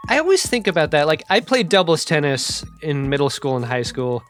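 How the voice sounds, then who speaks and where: A man co-hosting a podcast in casual chat, animated and quick to laugh. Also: fairly high pitch, soft background music. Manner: chatty, animated, laughs often. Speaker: podcast co-host.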